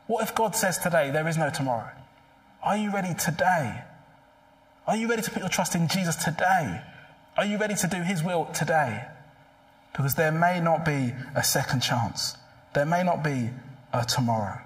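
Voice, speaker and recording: A man's voice: a little high, animated, moderate pace. A man preaching a sermon in a church, earnest and pleading, asking many rhetorical questions. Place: church hall.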